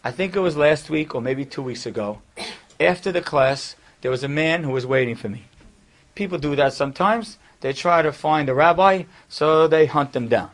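A man's voice: on the high side, normal speed. A man, a rabbi, telling a story to his class in a conversational way with casual asides.

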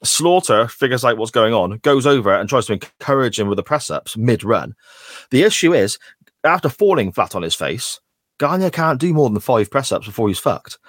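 A man's voice: mid-range voice, lively intonation, normal speed, a bit bright, no room sound. A man co-hosting a wrestling podcast, recapping a clip in a sarcastic, sweary, casual way. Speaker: podcast co-host. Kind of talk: casual chat.

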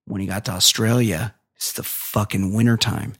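A man's voice: on the low side, fairly even intonation, normal speed, fairly bright tone, breathy edge. A man co-hosting a podcast, reading news stories aloud and riffing on them in a profane, joking way. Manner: profane, jokey, reads stories then riffs on them. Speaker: podcast co-host.

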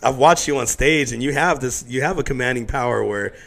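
A middle-aged man talks quickly in a loose, casual chat, jumping into other people's voices as he tells stories. His voice has a gravelly, fry-heavy texture, and he swears freely. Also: mid-range voice. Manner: animated storyteller who acts out quotes, swears freely. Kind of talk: casual conversation.

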